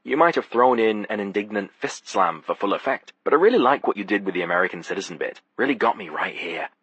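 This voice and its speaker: A man's voice: lowish voice, animated, quick pace, a bit bright, slightly rough, no room sound, highs cut off. A man voicing a smug male friend who teases gleefully after a prank. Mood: teasing. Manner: teasing, gleeful.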